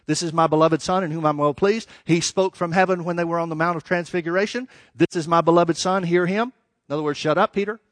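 A man's voice: fairly high pitch, fairly even intonation, no echo, clean studio sound. A man preaching a sermon, reading verses and explaining them with emphatic rises and dramatic drops. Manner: emphatic, rising and falling, with dramatic pauses.

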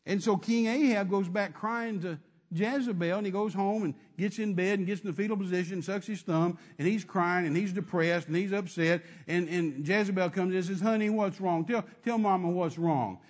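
A man's voice: high voice, fairly even intonation, moderate pace, hardly any pauses. A man preaching a sermon, emphatic and repetitive, calling out to his congregation.

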